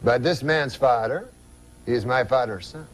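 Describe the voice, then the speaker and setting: A man doing an excitable French-Canadian uncle. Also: mid-range voice, unhurried, voice pushed down, close to an everyday voice. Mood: excited. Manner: eager, exclamatory.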